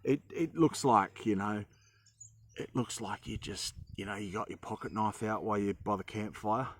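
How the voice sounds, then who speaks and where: A man's voice: lowish voice, normal speed, slight background noise. A young Australian man chatting casually as he teaches woodcarving, rambling with self-deprecating humor. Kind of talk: casual instructional talk while carving.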